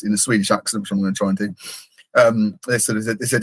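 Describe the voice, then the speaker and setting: A man's voice: on the low side, steady tone, fast, husky. A middle-aged man from England hosting a casual podcast chat, jokey and self-deprecating, laughing often. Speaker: podcast host.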